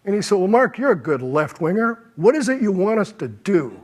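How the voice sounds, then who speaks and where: A man's voice: high voice, sing-song, fairly quick. Older man telling stories on a panel. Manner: anecdotal, quotes others, chuckles at his own stories. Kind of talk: panel talk, telling anecdotes.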